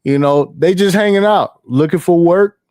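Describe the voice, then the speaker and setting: Slangy, laughing casual commentator. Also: male voice, sits high, moderate pace, darkish tone, no room sound, studio quality. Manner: slangy, laughing, rambling, profane. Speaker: commentary streamer.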